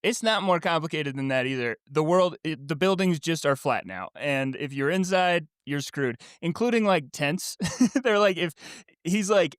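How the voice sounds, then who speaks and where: A man with a somewhat high, clean and smooth voice, recapping a book for his co-hosts in a relaxed podcast chat. He laughs often as he runs through the plot, and the sound is dry and close. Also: moderate pace, no room sound. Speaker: podcast co-host summarizing the book. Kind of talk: casual book club chat.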